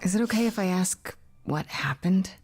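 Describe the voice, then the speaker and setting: A woman's voice: on the low side, animated, moderate pace, a little mellow, slightly rough, faint music behind. An actress playing a kind, unsure young woman in a video game, speaking tentatively and sympathetically. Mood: sympathetic.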